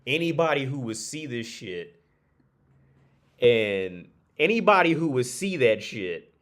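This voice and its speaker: A man's voice: medium pitch, big pitch swings, takes it slowly, fairly bright tone. A man streaming a casual rant, blunt and profane, rambling with frequent restarts.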